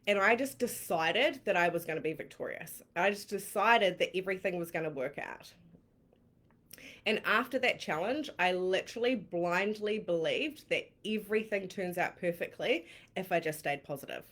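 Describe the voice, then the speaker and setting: A woman with a New Zealand accent and a slightly low-pitched voice. She coaches on a live stream and tells her own story frankly and excitedly. She laughs often and swears casually. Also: normal speed. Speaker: manifestation coach.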